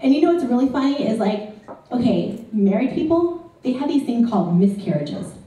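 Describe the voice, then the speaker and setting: A woman's voice: fairly high pitch, big pitch swings, moderate pace, warm tone, very echoey, far from the mic, poor audio. A woman performing a stand-up comedy set in a club, chatty and ironic, full of "like" and "you know".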